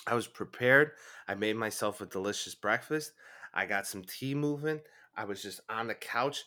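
A man's voice: lowish voice, moderate pace, sharp tone. A young man with a chest cold, co-hosting a casual sports podcast, talking emphatically and swearing freely. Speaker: podcast co-host.

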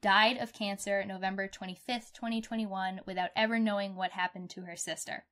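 A young woman co-hosting a podcast, chatting in an expressive, outspoken way and swearing casually. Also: medium pitch, a little fast. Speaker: podcast co-host. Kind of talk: casual true-crime chat.

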